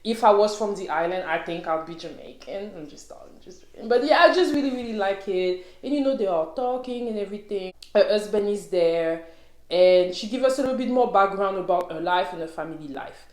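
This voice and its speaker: A woman's voice: mid-range voice, fairly quick, darkish tone, echoey room. A young woman chatting casually as she recaps a reality show, opinionated and talking straight to her viewers.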